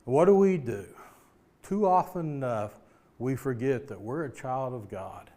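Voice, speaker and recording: A man's voice: mid-range voice, lively intonation, unhurried, mellow. A man giving a motivational devotional talk, retelling a story in an earnest, plain-spoken way. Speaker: speaker giving a weekly motivational message.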